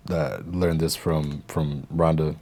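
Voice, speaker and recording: Host: a man with a very deep voice, relaxed casual chat, quick interjections. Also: slightly rough. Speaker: podcast host.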